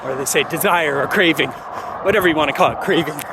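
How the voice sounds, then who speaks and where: A man delivering an animated, emphatic solo rant, repeating phrases for effect. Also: a little high, fast talker, heavy background noise. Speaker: parenting commentator. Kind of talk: solo ranting monologue to camera.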